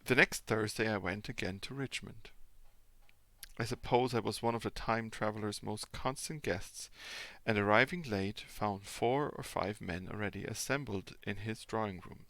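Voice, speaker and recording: A man whose first language is German reads a classic novel aloud as a father would, with expressive emphasis and small stumbles. His voice is low and gravelly. The recording is dry and close. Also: normal speed, no echo. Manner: expressive, animated reading with small slips.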